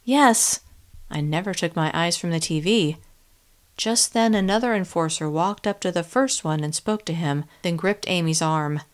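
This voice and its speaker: A woman narrating a first-person audiobook in an expressive, tense storytelling manner. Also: fairly low pitch.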